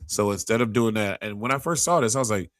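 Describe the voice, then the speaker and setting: A man's voice: on the low side, expressive, quick pace, fairly bright tone, dry recording, studio quality. A man hosting a podcast in casual chat, rambling through stories and acting out the people in them. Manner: rambling storyteller who acts out quotes, many restarts. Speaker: podcast host.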